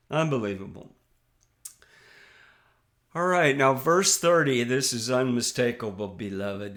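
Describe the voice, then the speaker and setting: A man's voice: medium pitch, fairly bright tone. A man teaching scripture as a preacher, reading verses aloud and commenting in an impassioned, scornful way, with frequent restarts. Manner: impassioned and scornful, addressing listeners as beloved.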